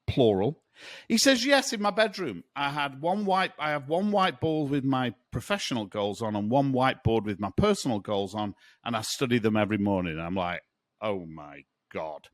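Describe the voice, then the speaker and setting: A man hosting a podcast, quizzing his co-host in a playful, expressive way. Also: medium pitch, a little fast, hardly any pauses, dry recording, clean studio sound. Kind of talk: casual interviewing chat.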